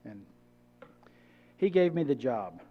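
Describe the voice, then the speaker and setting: A man's voice: medium pitch, sing-song, takes it slowly. Guest speaker, middle-aged man, mid-range voice, casual storyteller, dull lo-fi church recording. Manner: conversational, acts out quoted dialogue. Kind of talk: personal testimony storytelling.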